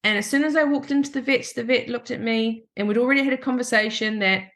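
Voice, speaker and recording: An Australian woman with a somewhat high voice tells a personal story on her podcast. She talks in a heartfelt, animated way and acts out what everyone said. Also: fast, few pauses. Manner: emotional, animated retelling with quoted dialogue. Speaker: podcast host.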